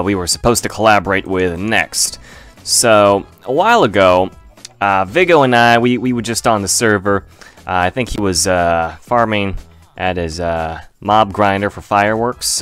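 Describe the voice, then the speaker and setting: A man hosting a game video in casual commentary, pitching his in-game goods in a playful salesman style with frequent fillers. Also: a bit bright, clear, resonant tone.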